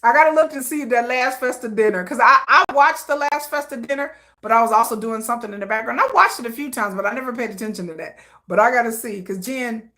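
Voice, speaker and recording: This woman talks quickly in a fairly high voice, hosting a casual livestream chat. Her style is slangy and chatty, with animated asides and frequent laughter between thoughts.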